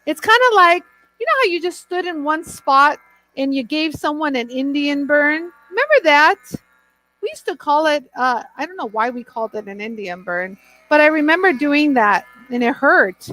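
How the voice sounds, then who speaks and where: Bubbly high-voiced woman hosting a live demo. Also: expressive, normal speed, pushed and bright, dry recording, low-quality recording. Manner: bubbly, laughs often, talks to viewers by name. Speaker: lapidary demonstrator hosting a live stream. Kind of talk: chatty live product demo.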